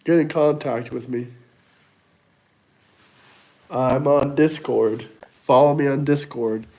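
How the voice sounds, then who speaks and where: Hosting a casual stream, this young American man reads viewer messages and answers them bluntly, arguing and mocking as he goes. His mid-range voice has a dark tone, a slow pace, and fairly even intonation.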